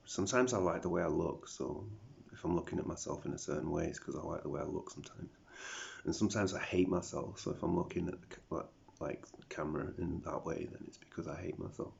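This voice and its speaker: A man's voice: extremely low pitch, vocal fry. A man from South Africa with a picked-up British accent, rambling and mumbling in a confessional video diary, dropping into whispers and swearing often. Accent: British, picked up over a South African upbringing. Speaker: vlogger. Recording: dull lo-fi recording.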